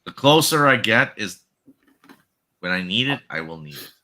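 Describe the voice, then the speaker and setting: A man's voice: lowish voice, sing-song, moderate pace, pushed and bright. A man with a Canadian accent in casual, joking chat with friends, often stumbling over his words and laughing. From Newfoundland, Canada.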